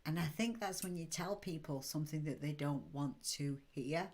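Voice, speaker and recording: British female host, low-pitched, assertive and chatty, live-stream psychic readings. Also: moderate pace, darkish tone. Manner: assertive, chatty, addresses viewers by name.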